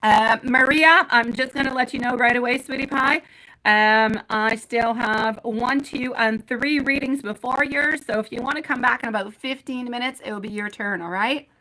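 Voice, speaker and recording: Bright-voiced woman giving live tarot readings. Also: fairly high pitch, normal speed, low-quality recording. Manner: affectionate, calls viewers sweetie and my love; chatty, reads out viewer names and questions. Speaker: tarot reader.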